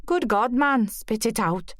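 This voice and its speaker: A woman's voice: fairly high pitch, lively intonation, measured pace, dry recording, studio quality. A woman reading the part of a chatty, teasing pub landlady in an audiobook. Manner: bubbly, teasing. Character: chatty cheerful Welsh pub landlady, middle-aged.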